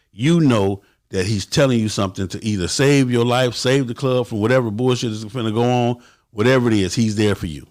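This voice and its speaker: On his motorcycle club's livestream, a medium-pitched man offers viewers blunt advice laced with profanity, performing quotes in a raised voice.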